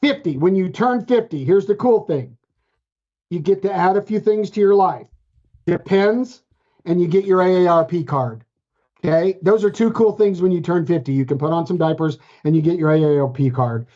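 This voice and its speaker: A man's voice: high-pitched, dark tone. Brief: playful male podcast co-host, casual banter, dull lo-fi sound. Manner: playful, joking, quick restarts. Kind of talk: casual chat.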